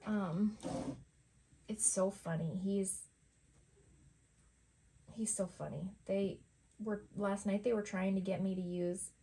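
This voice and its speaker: A woman's voice: medium pitch, fairly even intonation, slow pace, long pauses, warm tone, a little hiss or hum. A middle-aged woman at home, chatting casually and rambling while she paints, laughing often. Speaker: art vlogger. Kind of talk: casual chat over painting.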